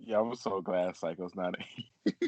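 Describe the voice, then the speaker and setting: Deep-voiced man in casual chat. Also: fairly even intonation, normal speed, a little mellow, no echo. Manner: rambling, swears, laughs often. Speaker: podcast co-host.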